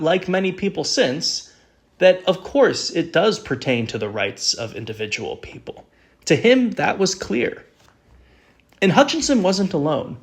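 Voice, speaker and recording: A man hosting a history podcast, reading a scripted narration in an earnest, explanatory way. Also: fairly high pitch. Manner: earnest, explanatory, reads quotes aloud. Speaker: podcast host.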